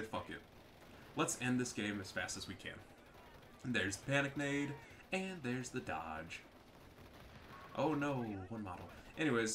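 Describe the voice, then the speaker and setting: Cussing gamer guy narrating his match, bright voice, bouncy pitch. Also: a little hiss or hum. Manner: swearing, trash-talking. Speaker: gameplay commentator. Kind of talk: profane gameplay commentary.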